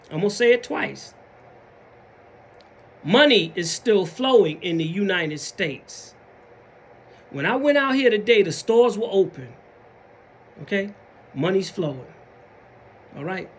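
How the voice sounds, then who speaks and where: A man's voice: high voice, slightly rough. A man with a Southern US accent talking casually in a motivational vlog, acting out other people's mumbled excuses. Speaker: vlogger.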